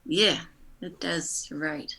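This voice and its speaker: A woman's voice: low-pitched, slow pace, creaky, bright, forceful tone. A woman playing a tabletop game in character, improvising her answers tentatively. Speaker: player.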